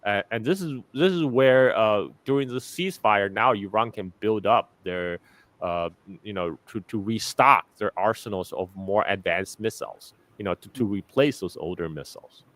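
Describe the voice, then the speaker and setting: Appearing as a guest commentator on a live stream, this man is blunt, sarcastic, and quick to laugh, often stumbling into repetitions and restarts. He has a fairly low, slightly bright voice and speaks at a normal speed, recorded dry and close with no echo.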